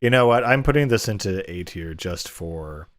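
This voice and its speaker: A man's voice: low voice, expressive, normal speed. A man casually reviewing and ranking books, rambling with frequent fillers and chuckles. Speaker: book reviewer. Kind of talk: casual commentary.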